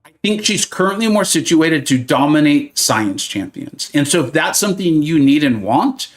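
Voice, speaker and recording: A man's voice: on the high side, big pitch swings, moderate pace. A man hosting a gaming live stream and answering viewer questions in casual chat. He is playful and joking, drifts into silly tangents, and gives advice in a chatty, reassuring way.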